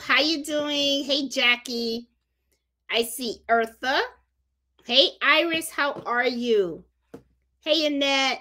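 A woman's voice: sits high, sharp tone. A woman with a Puerto Rican accent hosting a casual live stream about sewing, chatting and repeating herself for emphasis. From Puerto Rico. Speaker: crafting channel host.

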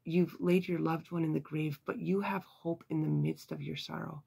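A Bible teacher giving an earnest, measured devotional lesson, with occasional sighs and fillers. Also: medium pitch, fairly even intonation, creaky, mellow, husky.

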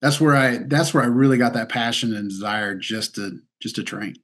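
A man's voice: medium pitch, level tone, moderate pace, a bit bright. A man from Missouri, chatting as an interview guest, laughing often and peppering his talk with "dude" and "like.". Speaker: guest athlete. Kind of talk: casual interview storytelling.

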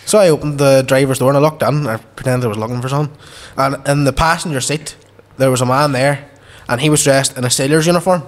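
A man's voice: mid-range voice, fast talker, few pauses. A man with a Derry accent, a podcast guest telling a long story and acting out the dialogue, swearing freely. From Derry, Northern Ireland. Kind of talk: casual storytelling.

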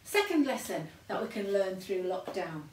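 A woman's voice: mid-range voice, sing-song, normal speed, noisy background. An older woman preaching an encouraging sermon, often repeating her points and laughing at herself. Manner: warm encouraging repetition with self-deprecating laughs. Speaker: pastor. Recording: echoey room from a distance.

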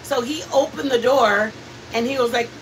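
On a live cooking stream, a channel host chats, laughs and tells family stories as she cooks, an animated storyteller. Her voice sits high and her pace is moderate. The recording is rough, with a distant mic and slight background noise.

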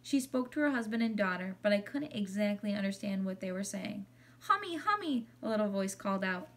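A woman reading a children's chapter book aloud in a gentle, expressive way. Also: medium pitch, fairly quick, recorded from a distance. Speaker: audiobook reader.

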